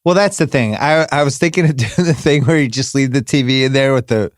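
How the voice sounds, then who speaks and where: A man's voice: medium pitch, fairly quick, dry recording, studio quality. A middle-aged man hosting a podcast in casual chat, telling joking, exasperated stories about his kids. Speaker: podcast host.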